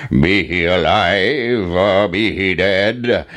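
A man voicing a huge menacing giant in a storybook reading, chanting slowly and heavily. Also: fairly bright tone. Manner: slow, booming, drawn-out chant.

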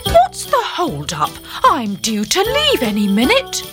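A woman's voice: sits high, huge pitch swings, unhurried, voice pushed up, exaggerated voice. A woman reading a Christmas story aloud and voicing an impatient, bossy old Santa Claus. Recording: over children's music.

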